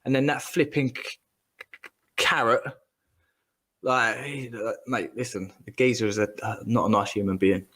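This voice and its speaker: A man's voice: mid-range voice, steady tone, moderate pace, pauses often, a bit bright. A man ranting in casual chat, rambling and swearing as he gets heated.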